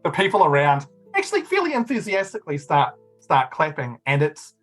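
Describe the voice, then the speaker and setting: A man's voice: fairly high pitch, huge pitch swings, a little fast, a bit bright, faint music behind, low-quality recording. A man running a tabletop game as game master, narrating in a rambling way full of fillers.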